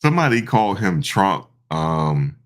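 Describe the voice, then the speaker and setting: Deep-voiced man riffing in slangy commentary. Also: a little slow. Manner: slangy, animated, repeats phrases, laughs often. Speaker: online commentator. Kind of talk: casual reaction commentary.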